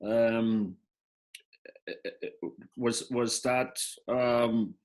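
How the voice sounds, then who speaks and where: A man's voice: mid-range voice, little pitch movement, drawn-out words, darkish tone. A man interviewing a director at a festival Q&A, asking questions hesitantly with fillers and repeats.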